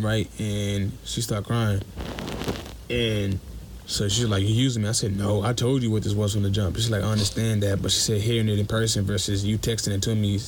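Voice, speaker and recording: A man's voice: fairly low pitch, creaky, slight background noise. A young man calling in, bluntly telling a personal story in slangy speech. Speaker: caller.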